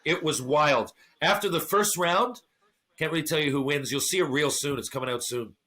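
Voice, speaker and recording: A man's voice: fairly high pitch, moderate pace. A middle-aged man chatting on a podcast as a guest. He tells a long story with lots of swearing and acts out the lines of the people in it. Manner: animated, profane, acts out quotes. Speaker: podcast guest, former hockey fighter. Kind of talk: casual storytelling chat.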